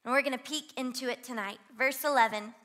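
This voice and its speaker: A young woman from Louisiana with a Southern twang, preaching an energetic sermon as guest pastor and urging the congregation to join in. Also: high-pitched, quick pace. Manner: energetic, exhorts the crowd to shout along. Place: church auditorium.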